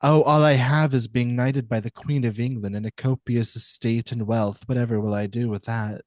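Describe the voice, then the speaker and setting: A man's voice: medium pitch, fairly even intonation, normal speed, darkish tone, dry recording, lightly acted. A man voicing a haughty aristocratic dame in a tabletop game, dry and sarcastic. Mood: sardonic.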